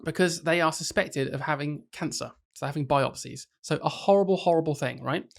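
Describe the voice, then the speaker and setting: A man's voice: a little high, brisk, gravelly. A young man hosting a casual podcast, joking and teasing his co-host.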